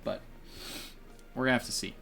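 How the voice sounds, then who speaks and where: A man's voice: a little fast, pushed and bright. A man giving casual, chatty commentary on his own gameplay, laughing often and poking fun at himself. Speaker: let's play gamer.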